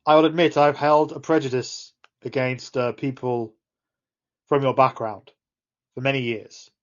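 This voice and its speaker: A woman voicing a blunt, principled female film star who lectures in a low, firm voice, on dull lo-fi audio. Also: fairly even intonation, unhurried. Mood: earnest.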